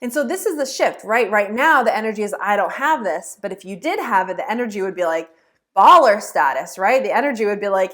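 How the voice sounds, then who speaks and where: A woman's voice: medium pitch, expressive, brisk, a bit bright. A woman teaching her viewers directly, upbeat, acting out imagined inner voices as she explains. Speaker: law of attraction teacher. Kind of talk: teaching to camera, casual.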